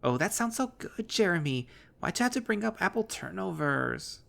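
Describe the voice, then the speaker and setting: A dopey, childish young woman, snooty on top but silly underneath, as a man puts her on. Her voice sits much higher than an everyday male voice and leans whiny. She comes from a spoken visual novel reading. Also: sing-song, moderate pace, creaky, a bit bright, heavily acted. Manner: snooty flair.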